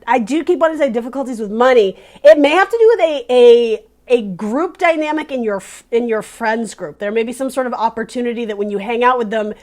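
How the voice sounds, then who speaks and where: A woman with a slightly raised voice talks through a tarot reading in a casual, searching way. She speaks straight to the viewer and often restarts her phrases while she finds the right words. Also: high voice. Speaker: tarot reader.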